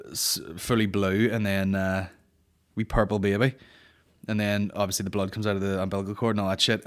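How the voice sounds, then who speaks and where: A man, hosting a podcast and telling a rambling, sweary comedic story with lots of restarts. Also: on the low side. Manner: sweary, rambling, animated anecdote with frequent restarts. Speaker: podcast host.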